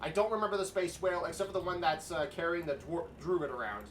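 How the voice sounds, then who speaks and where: A man's voice: on the high side, fast talker, a bit bright, far from the mic, a little hiss or hum. A man chatting casually with his partner during her art stream, easygoing and teasing. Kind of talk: casual chat.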